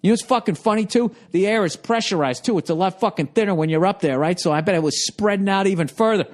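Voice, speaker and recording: A man's voice: high-pitched, fast. A man in his forties with a Boston accent, telling a profane, exasperated story in a ranting monologue. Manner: profane, exasperated storytelling, jumps into loud mock voices. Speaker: podcast host.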